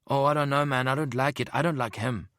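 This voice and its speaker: A man's voice: medium pitch, steady tone, moderate pace, sharp tone, no echo, clean studio sound, pitched above the performer's own voice, lightly acted. A man voicing a fat, sweating, hot-tempered businessman who rants with a South African accent. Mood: ranting, agitated. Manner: ranting, agitated.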